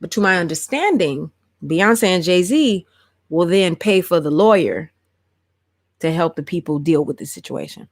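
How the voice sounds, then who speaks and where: A woman's voice: fairly low pitch, animated, a little slow. Chatty woman hosting a live stream. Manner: chatty, reads out viewer comments. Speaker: livestream host. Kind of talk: casual chat on a live stream.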